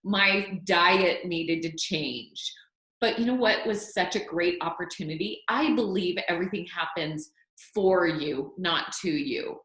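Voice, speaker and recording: A woman's voice: lowish voice, measured pace, a bit bright, reverberant, rough recording. A woman telling her personal health story as a podcast guest, earnest and close to tears at times. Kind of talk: emotional personal testimony.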